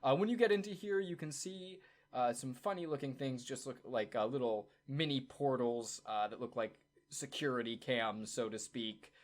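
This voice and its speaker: A man's voice: medium pitch, moderate pace. Upbeat, chatty male game master. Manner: upbeat, chatty, many fillers. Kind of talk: narrating a tabletop game.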